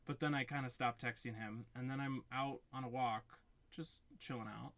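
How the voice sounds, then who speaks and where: A man's voice: medium pitch, fairly even intonation, moderate pace, a bit bright. A young man co-hosting a podcast, casually telling a story and acting out quotes. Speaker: podcast co-host. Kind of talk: casual chat.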